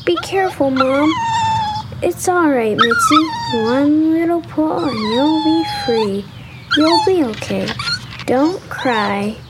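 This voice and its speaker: A woman's voice: high voice, very animated, unhurried, heavy background noise. A woman voicing an earnest, kind-hearted young boy in a radio drama, talking expressively. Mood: worried.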